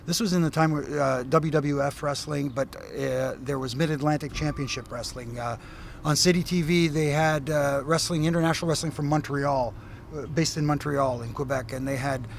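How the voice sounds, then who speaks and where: A man's voice: a little high, normal speed, creaky, a little hiss or hum. Chatty Canadian man telling stories. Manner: animated storyteller, frequent fillers and restarts. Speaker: former wrestling referee, guest. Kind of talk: casual interview chat.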